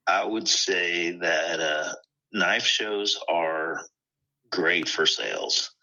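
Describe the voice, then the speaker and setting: A man's voice: low-pitched, expressive, extremely slow, gravelly, pushed and bright. A man calling in as a guest, talking easygoing and chatty over a phone line. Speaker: phone-in guest, knife maker. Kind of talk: casual phone chat.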